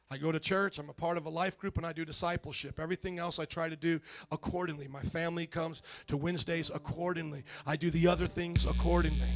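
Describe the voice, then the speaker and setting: High-voiced pastor preaching an animated sermon. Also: male voice. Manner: acts out quoted dialogue, builds to loud emphatic peaks. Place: church sanctuary.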